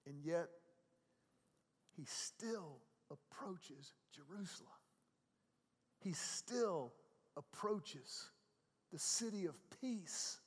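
A man with a high-pitched voice delivers a sermon from a church sanctuary. His speech is conversational, with frequent stammered repeats, and it swings from hushed moments to ringing, emphatic ones. A long reverb trails each phrase through the hall. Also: expressive, drawn-out words, long pauses, breathy edge. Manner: conversational, repeats words, swings from soft to loud. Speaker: pastor.

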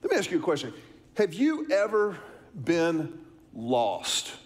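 A man's voice: a little high, wildly swooping pitch, measured pace. A middle-aged man, preaching a sermon, telling a story and asking the congregation questions. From Texas, US. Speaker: pastor.

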